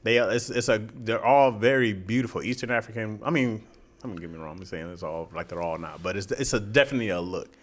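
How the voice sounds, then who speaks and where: A man co-hosting a podcast in casual chat, joking and lively, often putting on silly accents. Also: on the low side, fast talker. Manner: lively, jokey, drops into put-on accents. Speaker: podcast co-host.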